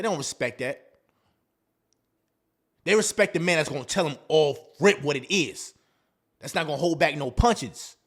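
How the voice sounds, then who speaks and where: A man's voice: on the high side, fairly bright tone. A man hosting a dating advice talk, in a casual, slangy monologue that acts out quoted lines.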